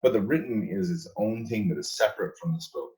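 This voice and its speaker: A man's voice: on the low side, fast talker, a little mellow, poor audio. A man talking as a guest in a casual interview, emphatic, repeating and restarting his words, laughing between points.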